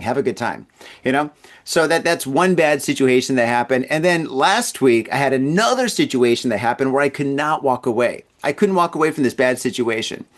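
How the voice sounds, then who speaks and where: A man hosting a podcast, telling a long casual story in a rambling way, stammering and repeating his words. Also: mid-range voice. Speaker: podcast host.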